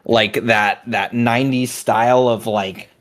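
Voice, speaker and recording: A man's voice: medium pitch, fairly even intonation, unhurried, fairly bright tone. A man co-hosting a stream, chatting casually and laughing often. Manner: laid-back, laughs often, swears. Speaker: stream co-host. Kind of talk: casual chat.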